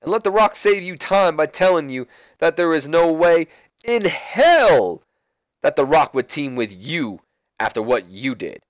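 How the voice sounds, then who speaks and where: A strutting, boastful wrestler who looks down on everyone and speaks of himself in the third person, as a man puts him on. The voice sits well above the speaker's usual pitch and is pushed louder. The recording is dry and close, with no room around it. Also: very animated, unhurried, no room sound. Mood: contemptuous. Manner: pompous, talks down to others.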